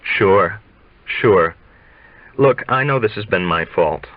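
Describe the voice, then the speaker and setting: A man's voice: sits low, lively intonation, slow, no room sound, narrow, tinny audio. A man reading aloud, voicing an anxious, guilty young man who answers hesitantly. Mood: uneasy.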